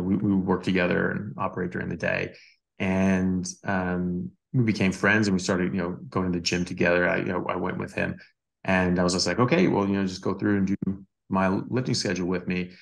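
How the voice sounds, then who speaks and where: A man with a deep, gravelly voice tells a personal story in a relaxed, conversational way. He often restarts his sentences and fills the gaps with "you know" and "like." He sounds like a doctor chatting on a podcast. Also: normal speed. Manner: animated anecdotes with many fillers and restarts. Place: Australia.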